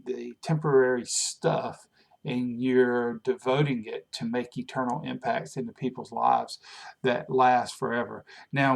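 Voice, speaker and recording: A man's voice: mid-range voice, gravelly, a bit bright. A man giving a short devotional sermon in an earnest, conversational preaching manner. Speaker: pastor.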